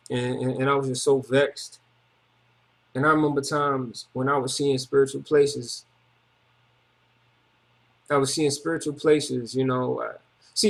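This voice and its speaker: A man giving a rambling, emotional personal testimony in repetitive, slangy street talk. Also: medium pitch. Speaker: testimony speaker.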